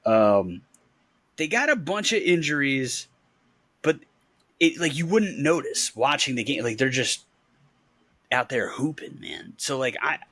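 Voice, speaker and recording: A man's voice: medium pitch, big pitch swings, a little slow, long pauses, a bit bright, dry recording. A man with a mid-range voice recorded close and dry, with no room sound. He co-hosts a casual football chat in an easygoing, rambling way and laughs often. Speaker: podcast co-host.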